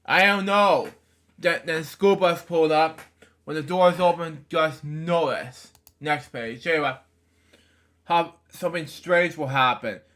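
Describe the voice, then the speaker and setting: A man's voice: a little high, unhurried, a bit bright. A man reading a children's book aloud, stumbling over words and adding offhand comments between pages. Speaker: storybook reader.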